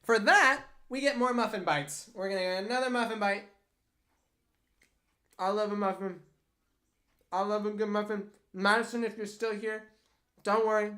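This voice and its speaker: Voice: mid-range voice, fairly even intonation, moderate pace, pauses often, pushed and bright. A young adult artist chatting casually on a livestream, answering viewer questions with rambling, jokey asides. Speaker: artist streamer.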